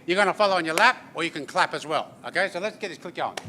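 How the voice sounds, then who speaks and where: A man's voice: a little high, quick pace, very noisy. An Australian man, an artist, tells funny stories and demonstrates an instrument at a corporate briefing, often ending his lines with "yeah?". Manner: joking, chatty, often ends with "yeah?" and "eh?". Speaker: artist giving a talk and didgeridoo demonstration. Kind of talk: humorous storytelling presentation. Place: corporate event space at a briefing.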